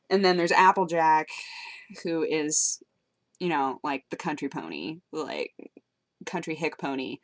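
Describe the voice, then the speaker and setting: A woman's voice: sits low, expressive, moderate pace. A young woman chatting casually into a webcam, rambling and self-mocking, with many fillers and laughs. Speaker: vlogger. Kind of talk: casual webcam vlog chat. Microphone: webcam mic.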